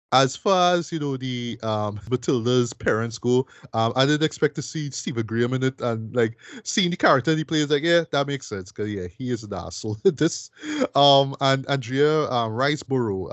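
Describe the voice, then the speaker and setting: A man's voice: mid-range voice, lively intonation, normal speed, no room sound. A man co-hosting a podcast, chatting casually and enthusiastically about a film with lots of fillers and tag questions. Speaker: podcast co-host reviewing a film. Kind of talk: casual film review chat.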